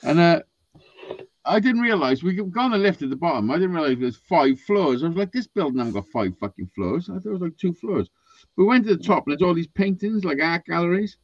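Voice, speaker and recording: A man telling sweary, animated stories in a casual chat. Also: high-pitched, a little fast, no room sound, highs cut off.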